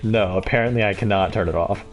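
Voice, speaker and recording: A man's voice: fairly low pitch, quick pace, faint music behind. A man streaming a game live, giving sarcastic, mocking commentary on what he sees.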